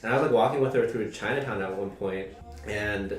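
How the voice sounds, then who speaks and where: A man's voice: on the low side, brisk, soft background music. A man in his twenties hosting a casual group conversation, telling a personal story in a rambling way, full of "like" fillers. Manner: rambling, heavy use of "like" fillers. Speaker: podcast host. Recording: roomy echo.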